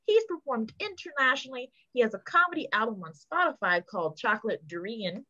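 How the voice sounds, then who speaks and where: A woman's voice: on the high side, lively intonation, brisk, pushed and bright. Upbeat woman host with a muffled sound. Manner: upbeat, hyping the crowd. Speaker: show host introducing the headliner. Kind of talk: stage introduction.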